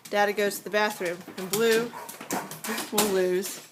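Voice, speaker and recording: A woman's voice: mid-range voice, fairly even intonation, measured pace. A woman filming her dog at home, talking to it in a coaxing, sing-song way. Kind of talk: home video chat with a dog. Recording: noisy home video recording.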